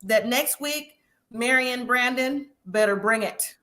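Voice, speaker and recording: Chatty, opinionated woman host with a bright, slightly high voice for a casual review stream. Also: unhurried. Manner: chatty, opinionated, laughs often. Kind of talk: casual live review chat.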